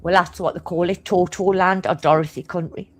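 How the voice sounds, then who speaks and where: A middle-aged woman from Newcastle with a thick Geordie accent and a slightly low voice. She tells stories fast and bluntly, with swearing in nearly every line. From Newcastle, England. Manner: swears constantly, blunt and animated; talks fast. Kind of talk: casual chat, storytelling.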